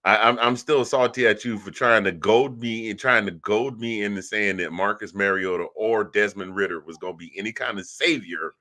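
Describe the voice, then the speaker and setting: A low-voiced man chatting casually as a sports show co-host, joking and often tripping over his words. His tone is bright and forceful. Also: moderate pace, few pauses. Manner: joking, stammering restarts.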